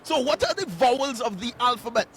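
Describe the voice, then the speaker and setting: A man's voice: extremely high pitch, expressive, fairly quick, crowd noise. A man interviewing passers-by on a city street in a playful, teasing quiz style. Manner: playful, teasing, sing-song questioning.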